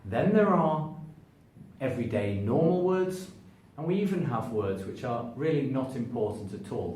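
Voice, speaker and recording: A man teaching English pronunciation to camera, stretching and stressing words to show each point, stepping toward and away from the camera. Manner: demonstrates stress by stretching words, lively shifts in pitch. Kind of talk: spoken English lesson to camera. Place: room standing before a sign. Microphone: camera at a distance, moving toward and away from it. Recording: echoey room, voice from a distance, faint background noise.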